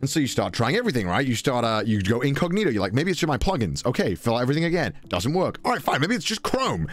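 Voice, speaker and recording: A man's voice: very animated, quick pace. A young British man telling a travel story, swearing often and putting on voices for the people in it. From Britain. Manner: swearing, mimics voices, high-pitched exclamations. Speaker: podcast storyteller. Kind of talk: animated anecdote telling.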